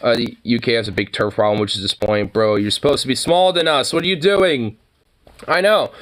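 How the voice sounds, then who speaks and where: A man's voice: medium pitch, fairly quick, fairly bright tone. A young man streaming live, ranting casually in a profane, rambling way full of fillers. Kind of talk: casual livestream rant.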